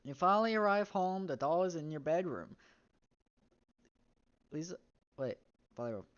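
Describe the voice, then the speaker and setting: Low-voiced woman reading a story game aloud. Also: lively intonation, moderate pace, dull audio. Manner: reads text aloud, breaks off into wry comments and laughs. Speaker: game streamer.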